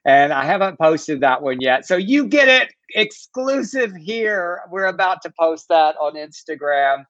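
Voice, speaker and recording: A man co-hosting a live internet show, speaking in halting, laughing bursts. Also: on the high side, lively intonation, dry recording, highs cut off. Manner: warm, laughing, halting speech. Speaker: co-host. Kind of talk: casual live internet chat.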